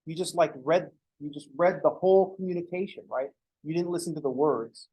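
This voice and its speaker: A man's voice: on the high side, a little fast, breathy edge, lo-fi sound. A man teaching a math class, lecturing casually and going off on joking, rambling asides to his students in a classroom. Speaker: math professor.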